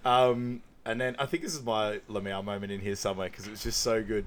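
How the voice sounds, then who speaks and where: A man's voice: fairly low pitch, fairly even intonation, brisk. A man co-hosting a podcast, recapping a movie in casual chat with frequent laughs. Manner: chatty, laughing, retelling scenes. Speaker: podcast co-host.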